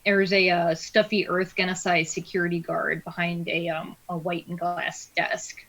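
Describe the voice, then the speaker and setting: A woman's voice: on the low side, level tone, fairly bright tone, rough recording. Hesitant woman narrating as game master. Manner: hesitant, many filler pauses.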